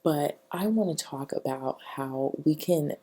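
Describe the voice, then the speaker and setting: A woman's voice: sits low, unhurried, warm tone, slightly rough. A young adult woman talking straight to camera with chatty, emphatic advice and little playacted quotes. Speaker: vlogger. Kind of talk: casual talking-head advice.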